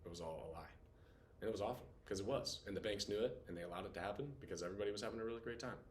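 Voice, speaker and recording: A man in his late twenties teaching a class in a casual, animated way, full of fillers. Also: lowish voice, rapid-fire, slight background noise. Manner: animated, chatty, heavy on filler "like". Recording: roomy classroom echo.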